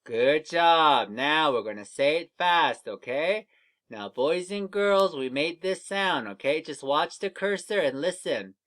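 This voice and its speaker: A man teaching young children to read, leading slow, patient drills of letter sounds for an online lesson. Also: on the high side, expressive, a bit bright.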